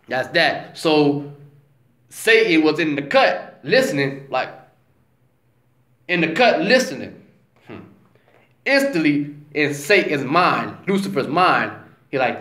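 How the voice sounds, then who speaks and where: A man giving a slow, emphatic, conversational religious talk as a vlogger, often checking in with his listener. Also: on the high side, very animated, bright, forceful tone. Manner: slow, emphatic, conversational, says "you know what I'm saying". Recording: roomy echo.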